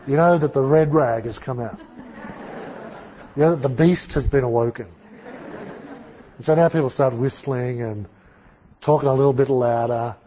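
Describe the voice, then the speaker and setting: A man giving an animated, conversational storytelling sermon with asides to his audience. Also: medium pitch, normal speed, pauses often, slight background noise. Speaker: speaker. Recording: dull lo-fi recording.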